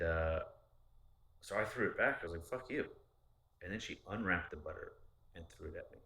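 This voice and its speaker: Low-voiced man, candid and profane. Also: sharp tone. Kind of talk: casual storytelling. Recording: roomy echo.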